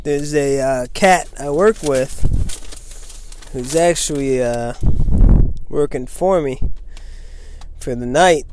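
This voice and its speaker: A man's voice: medium pitch, slow pace, long pauses. Brief: young male host, casual and hyped, jokey trash talk and swearing, recorded in a car with faint road hum. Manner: hyped, joking, trash-talking, swears freely. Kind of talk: rambling casual monologue.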